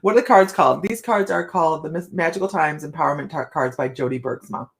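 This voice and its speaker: Woman, middle-aged, livestream host, casual chat, laughs a lot, slightly low voice. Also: fast. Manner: chatty, laughs often, talks to chat by name. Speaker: livestream host reading tarot cards. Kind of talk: casual live chat with viewers.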